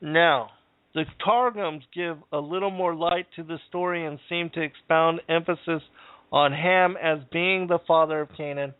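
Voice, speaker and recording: A man speaking as host in a fairly high voice, reading passages aloud and pausing to comment. The sound is narrow and phone-like, with no room echo at all. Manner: measured, reads passages aloud with pauses. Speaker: podcast host. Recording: dry phone-like audio.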